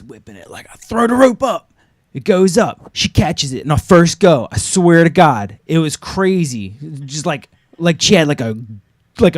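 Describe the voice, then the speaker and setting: A man spins an improvised comic story on a live stage, rambling through fillers and curses. His delivery swings between loud outbursts and low asides. The sound is dry and close, with no room echo. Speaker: actor and co-host.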